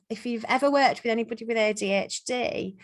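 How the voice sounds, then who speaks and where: A woman's voice: fairly high pitch, normal speed. A woman, a hypnotherapy trainer, talking casually to a group over a video call, with plenty of ums and restarts. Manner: chatty, frequent ums and restarts. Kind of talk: casual teaching talk. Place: online peer supervision call.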